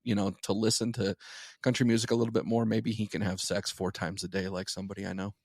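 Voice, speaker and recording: A man's voice: lowish voice, level tone, fast talker, a little mellow, no echo. Profane rambling podcast co-host man. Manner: rambling, profane, restarts a lot. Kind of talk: crude casual chat.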